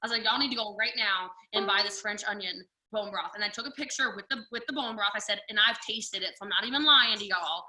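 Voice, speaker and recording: A woman giving lively sales coaching on a video call, chatty and full of acted-out customer quotes. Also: mid-range voice, quick pace, few pauses, background noise. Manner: chatty, drawls "y'all", acts out quoted customers. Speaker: guest speaker. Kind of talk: animated sales coaching talk. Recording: echoey video call audio, slightly distant.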